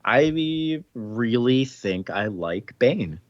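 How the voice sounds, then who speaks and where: A man hosting a casual comic book podcast, recapping plots in a relaxed way and tossing in offhand quoted lines. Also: medium pitch, very slow, no echo, highs cut off. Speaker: podcast host.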